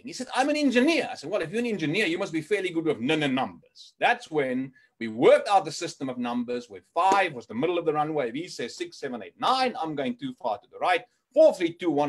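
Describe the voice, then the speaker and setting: A man's voice: on the high side, slightly rough. A South African man giving a motivational keynote, telling a story and acting out the dialogue and stutters for laughs. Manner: animated, acts out dialogue and stutters for comic effect. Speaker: motivational speaker.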